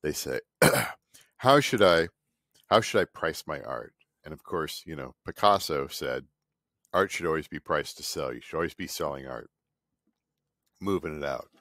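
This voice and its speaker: A man's voice: extremely low pitch, lively intonation, unhurried, a bit bright, dry recording, clean studio sound. A man in his fifties, an artist vlogger, talking in a cranky, sarcastic, rambling way and mocking other people. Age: 50s. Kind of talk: casual rambling monologue. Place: home studio.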